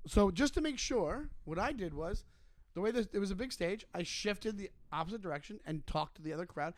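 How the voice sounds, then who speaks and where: A man's voice: sits high, animated, fairly quick, dry recording. A man co-hosting a podcast, telling a story casually and animatedly, swearing freely. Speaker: podcast co-host, comedian.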